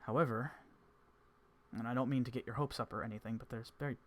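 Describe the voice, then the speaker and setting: A man voicing a calm, scholarly male mage who speaks in a measured, formal way. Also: medium pitch, natural voice.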